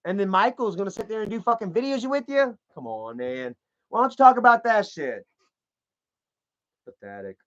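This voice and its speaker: High-voiced man ranting, lo-fi sound. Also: big pitch swings, moderate pace. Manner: profane, heated, talks straight at the viewer. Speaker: commentary vlogger. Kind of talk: ranting commentary while browsing online. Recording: dull lo-fi sound.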